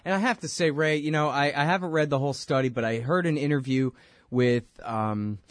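A man's voice: fairly high pitch, brisk, no echo, studio quality. A man hosting a talk radio show and interviewing a guest, ranting in a heated, sarcastic way.

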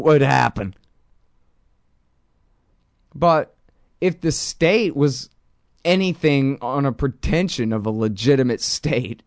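Man host for a casual commentary talk, sardonic and rambling, smooth clear voice, dry close mic. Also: no echo. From Texas. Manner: sardonic, rambling, with sudden rises in pitch for emphasis.

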